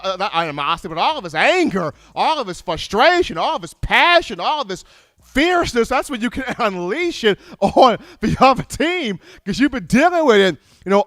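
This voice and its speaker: A man hosting a college football show in a high, bright voice, talking in an animated, rambling way. He often restarts his sentences and piles up repeated phrases. The sound is dry and close. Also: no echo. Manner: animated, repetitive, stumbling restarts. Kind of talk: casual sports commentary.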